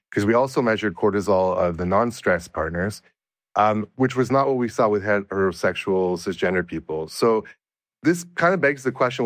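Answering interview questions as a guest, a male researcher explains things in a measured manner, frequently restarting sentences. His voice is low, and the close, dry recording has no echo or surrounding room.

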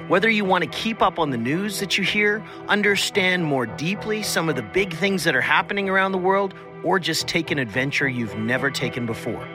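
A man hosting a podcast, introducing the show and a featured episode with enthusiasm. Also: fairly high pitch. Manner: enthusiastic, promotional. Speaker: podcast host.

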